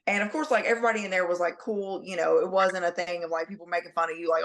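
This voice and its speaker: A woman, telling a story on a podcast, animated and full of swearing. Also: fairly low pitch, fast talker, few pauses. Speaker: podcast co-host. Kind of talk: casual chat.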